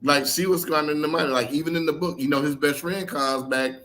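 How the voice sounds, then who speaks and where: A man's voice: fairly high pitch, quick pace, faint music behind. A middle-aged man, an author being interviewed, telling personal stories frankly and acting out other people's words as he goes. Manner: frank and animated, acts out others' words, swears casually, laughs. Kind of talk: candid conversational storytelling.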